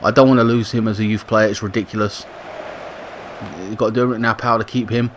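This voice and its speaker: A man giving casual play-by-play commentary on a football video game, with excited bursts on attacks and chatty self-corrections. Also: lowish voice, fast talker, a little hiss or hum. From Britain. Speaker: gaming YouTuber commentating a football sim.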